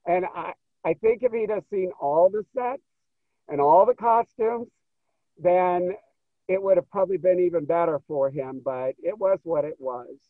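A man guest in an interview, telling stories in an animated way and acting out what people said. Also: sits high, measured pace, dry recording. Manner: animated, acts out quoted dialogue. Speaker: interview guest, show producer. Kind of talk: storytelling interview. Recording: tinny phone line, dry.

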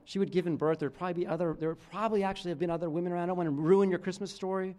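A man preaching a sermon as pastor, talking casually with restarts, his phrases often dropping low and quiet at the end. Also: steady tone, rapid-fire.

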